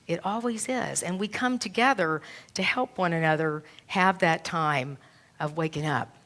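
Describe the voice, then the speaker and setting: A woman's voice: lowish voice, a little slow, a bit bright. Earnest woman minister telling a story. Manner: storytelling, emotional and earnest, many quoted retellings. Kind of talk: sermon. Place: church.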